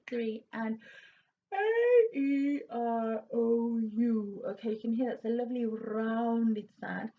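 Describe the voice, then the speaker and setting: A woman vocal coach leading a warm-up lesson, counting in and demonstrating exercises with encouraging remarks. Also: fairly high pitch, muffled recording, slight background noise.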